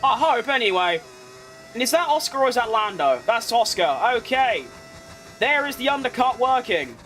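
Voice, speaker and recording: A man giving excitable live commentary while playing a racing game, exclaiming at close moments. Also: extremely high pitch, normal speed. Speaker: gaming streamer.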